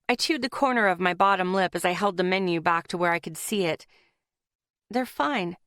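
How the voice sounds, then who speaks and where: Low-voiced woman narrating an audiobook. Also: quick pace, fairly bright tone, no room sound, studio quality. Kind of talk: first-person fantasy audiobook narration.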